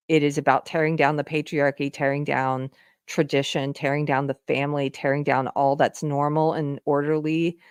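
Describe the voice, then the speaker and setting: A woman's voice: low-pitched, a little mellow, clear, resonant tone, no echo, studio quality. A woman hosting a live stream, chatting casually and laughing as she reacts to news clips. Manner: chatty, laughs often, talks to viewers. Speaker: livestream host. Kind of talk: casual livestream commentary.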